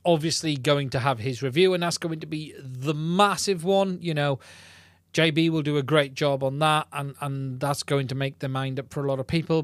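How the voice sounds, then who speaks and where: A man hosting a live-stream podcast in a chatty, rambling way. He speaks a little higher than most men. The sound is dry and close on a podcast mic. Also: dry recording. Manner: chatty, rambling, with many fillers and restarts. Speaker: podcast host. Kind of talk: casual live-stream chat. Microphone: podcast mic into a mixing console.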